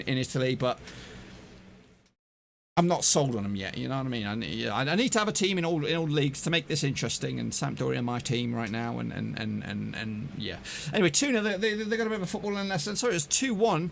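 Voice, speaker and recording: A man hosting a football prediction channel, chatting casually in an energetic, jokey, rambling way with lots of fillers. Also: a little high, creaky, a little hiss or hum. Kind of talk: casual chat to camera.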